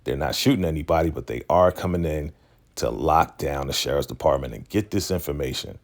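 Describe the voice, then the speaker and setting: A man casually recapping a TV episode, animated and acting out the characters as he goes. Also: a bass voice, a little fast, creaky. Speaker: show recap host.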